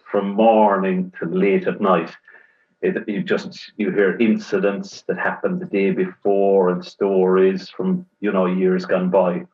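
An Irish man who works at a golf club, recalling his days in an easygoing way and trailing off mid-thought. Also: deep voice. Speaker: golf club staff, panel guest. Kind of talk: casual recollection. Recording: dull muffled sound.

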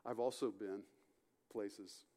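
A man's voice: fairly low pitch, steady tone, slow. Pastor telling a story in his sermon. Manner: storytelling with acted-out dialogue, swings from loud to hushed.

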